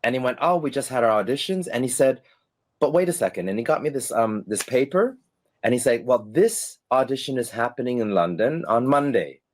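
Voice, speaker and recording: In a laid-back interview, a middle-aged man who used to perform on stage recounts anecdotes with animation and laughter. He imitates the people he quotes, speaking fairly quickly in a mid-range voice.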